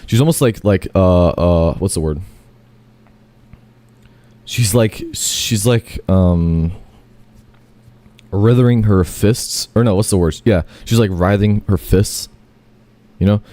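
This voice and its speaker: A man's voice: deep voice, slow, long pauses, mellow. A man telling a long, rambling first-person story, full of fillers, self-corrections and casual swearing.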